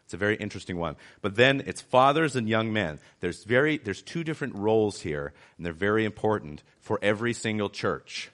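A man's voice: on the low side, animated, brisk, hardly any pauses, fairly bright tone. A man giving a conversational sermon as a church pastor, driving his points home by repeating them. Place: city church.

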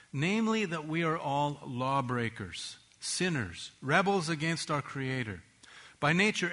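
A man preaching a sermon in an earnest, measured way, slowing down to stress key phrases. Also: medium pitch, pushed and bright.

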